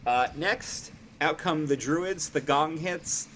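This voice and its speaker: A man's voice: on the high side, slow pace, fairly bright tone. Man, casual co-host, recapping matches, easy laughs, faint hiss behind. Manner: runs through events, laughing often. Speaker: podcast co-host.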